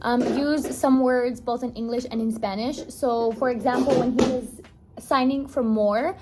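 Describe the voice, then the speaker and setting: A woman's voice: on the high side, fairly even intonation, measured pace, very noisy. A woman vlogging casually at home, a mother of a toddler who explains things in a chatty way, with fillers and restarts. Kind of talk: casual home vlog talk. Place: home, indoors.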